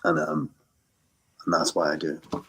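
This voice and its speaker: A man's voice: rumbling low, monotone, normal speed, a bit bright, slightly rough. An English man in his thirties, a musician guest talking earnestly and rambling with many restarts in a casual podcast interview. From England. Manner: rambling, self-correcting, earnest.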